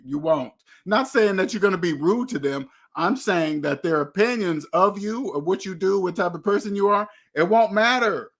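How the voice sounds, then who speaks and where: High-voiced man preaching hard about money. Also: fairly bright tone. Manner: preachy, emphatic, repeats himself. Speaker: host. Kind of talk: motivational money talk.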